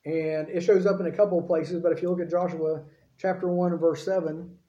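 A man with a fairly high, mellow voice delivers a sermon in a relaxed, conversational way, often checking in with the people listening. He sounds like he is in a church sanctuary, with a roomy echo around him. The recording itself is dull and lo-fi. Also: a little fast. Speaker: pastor. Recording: echoey room, dull lo-fi sound.

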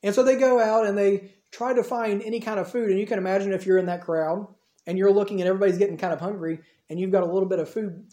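A man's voice: high-pitched, steady tone, fast, warm tone. A man preaching a storytelling sermon in a casual, conversational way. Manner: conversational, acts out dialogue in the retelling. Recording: roomy echo.

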